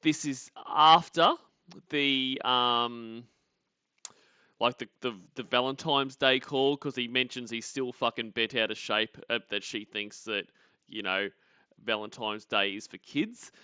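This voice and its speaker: A man's voice: medium pitch, steady tone, a little slow, sharp tone, clean tone, no room sound. A man hosting a casual livestream, greeting viewers by name in a chatty, joking way. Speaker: livestream host. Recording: dull lo-fi sound.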